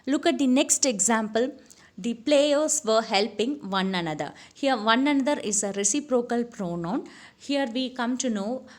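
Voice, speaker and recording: A woman teaching an English grammar lesson in a somewhat high voice. She halts often on "uh", corrects herself mid-sentence and says each example sentence over again slowly. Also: animated. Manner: many "uh" fillers and self-corrections, repeats the examples slowly. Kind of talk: explaining grammar to students.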